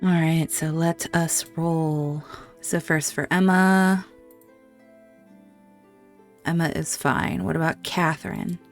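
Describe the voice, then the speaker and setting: A woman's voice: deep voice, flat delivery, takes it slowly, pauses often, soft background music. A woman giving casual gameplay commentary, reacting emotionally and talking aloud to the characters on screen. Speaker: gameplay video host.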